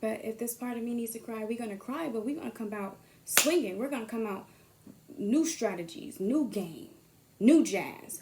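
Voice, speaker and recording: A woman giving a casual motivational monologue, swearing freely and swinging from hushed whispers to loud bursts. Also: on the high side, expressive, normal speed, slight background noise. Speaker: motivational vlogger.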